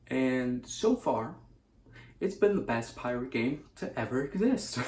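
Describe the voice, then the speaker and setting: A man making a gaming video, talking in a playful, self-mocking, chatty way. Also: medium pitch. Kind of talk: casual video talk. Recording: echoey room with faint noise.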